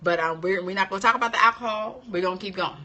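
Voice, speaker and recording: A woman hosting a casual live-stream chat as an esthetician trainer. She is chatty and animated, answers viewer comments, and laughs often. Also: medium pitch, racing, muffled recording. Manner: playful and expressive, laughs often.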